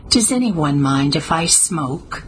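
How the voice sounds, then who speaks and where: A woman's voice: low-pitched, lively intonation, slow, slight background noise, rough recording. Woman voicing a haughty refined lady. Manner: haughty, precise, commanding. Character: imperious, refined woman perfumer. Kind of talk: audiobook character voice.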